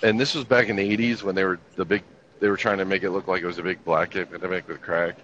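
A man's voice: low-pitched, steady tone, fast, a bit bright, slight background noise. A man in his fifties telling army stories in casual chat, with a laid-back, profane, wry delivery. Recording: dull lo-fi recording with faint ambience.

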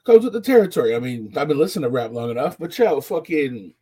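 A young man with a husky, slightly rough voice, talking in a casual, profane way on a podcast. His pitch sits high for a man and swings widely as he tells stories. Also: fast. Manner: profane, animated storytelling. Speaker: podcast co-host. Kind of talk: casual chat.

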